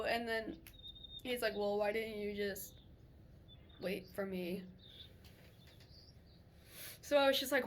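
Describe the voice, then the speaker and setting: A young woman vlogger telling a personal story in a chatty, animated way, swearing freely and laughing as she goes. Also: fairly high pitch, unhurried, pauses often, a little hiss or hum. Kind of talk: casual storytelling to camera.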